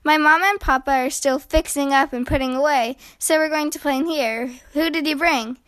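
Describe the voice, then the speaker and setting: A woman's voice: high voice, brisk, fairly bright tone, no room sound. A woman voicing a bossy, braggy six-year-old girl bear cub in a storybook, sounding commanding.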